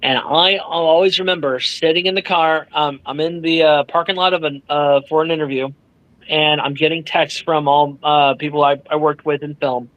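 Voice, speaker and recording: Animated high-voiced man telling stories. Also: normal speed, no echo, lo-fi sound. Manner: swears freely, acts out others' lines. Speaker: author guest. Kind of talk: animated storytelling in casual chat.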